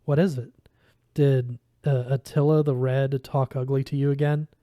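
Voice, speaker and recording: A man's voice: medium pitch, little pitch movement, moderate pace, dry recording, highs cut off, lightly acted. A man reading aloud, voicing a blunt, chain-smoking older woman who talks brusquely and directly.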